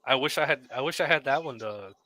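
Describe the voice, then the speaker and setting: A man's voice: mid-range voice, fast talker, sharp tone. A male host in a casual chat with a guest, passing along questions from viewers. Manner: conversational, asks questions from viewers.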